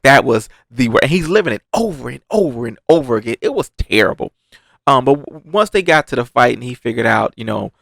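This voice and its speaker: Gravelly, animated man reviewing anime. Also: fairly high pitch, no echo. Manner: animated, repeats words, slangy. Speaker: anime reaction host. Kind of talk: casual anime review chat.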